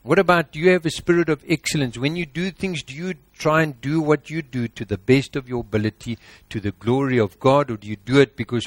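A man's voice: mid-range voice, brisk, few pauses, no room sound. Emphatic preacher man, dry close sound. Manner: emphatic, exhorting, piling up lists. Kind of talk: sermon.

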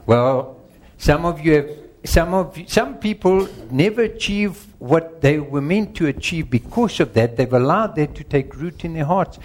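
A man's voice: on the high side, lively intonation, measured pace, a little mellow. A middle-aged man preaching a sermon, earnest and emphatic, working through numbered points and speaking directly to the congregation. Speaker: pastor.

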